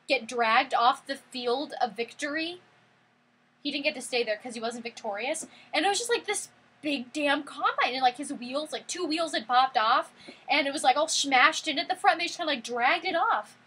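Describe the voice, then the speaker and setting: An eighteen-year-old woman telling a story in a casual vlog, excitable and gushing, saying "like" constantly. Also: sits high. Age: 18, college student. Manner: excitable, gushing, heavy use of "like". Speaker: vlogger.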